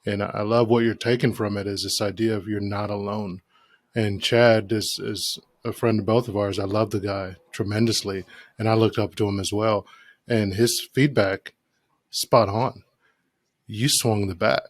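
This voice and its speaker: A man's voice: fairly low pitch, steady tone, normal speed, no room sound. A man hosting an interview, speaking encouragingly to his guest before asking a question. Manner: warm and encouraging toward the guest. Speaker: podcast host. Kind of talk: interview conversation.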